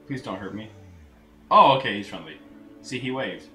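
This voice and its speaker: A man giving casual gameplay commentary, crude and full of swearing, with sudden loud outbursts. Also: fairly low pitch, expressive, moderate pace, soft background music. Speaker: let's play gamer. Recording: roomy echo, faint noise.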